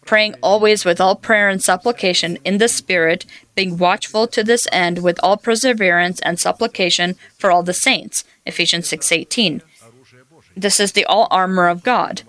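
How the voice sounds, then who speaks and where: A woman's voice: fairly low pitch, fairly bright tone. A woman preaching a sermon, telling personal stories and quoting scripture in an earnest way. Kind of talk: sermon teaching.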